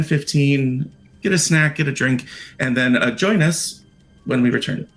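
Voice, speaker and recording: A man's voice: mid-range voice, a little slow, fairly bright tone, soft background music. A man running a tabletop horror game as game master, narrating casually with plenty of fillers. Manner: casual, rambling, many fillers.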